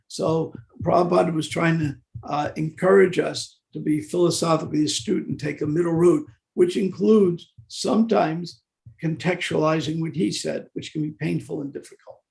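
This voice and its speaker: An older man with a gravelly, fairly high, darkish voice teaches a devotional scripture class. His delivery is genial but halting, with fillers and restarts.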